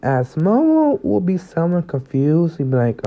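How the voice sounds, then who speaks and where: A man's voice: a little high, huge pitch swings, normal speed, warm tone. A young man casually improvising a fan story, rambling with lots of fillers and restarts, in a slightly muffled lo-fi recording. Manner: rambling, full of fillers and restarts, chuckles at his own story.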